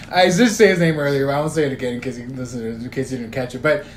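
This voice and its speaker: A young man co-hosting a podcast talks fast in a steady, medium-pitched voice, casually narrating a story full of swearing and quoted text messages. It's casual chat, and the recording carries a roomy echo with faint room noise.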